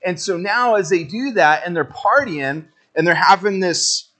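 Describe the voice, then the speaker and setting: A male pastor giving a conversational sermon, reading scripture aloud and then acting out his own impatience with lively, animated energy. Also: high voice, a little slow.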